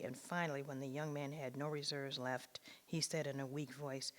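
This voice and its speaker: A woman, a writer, reading her own memoir piece aloud in a measured, expressive way. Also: extremely low pitch.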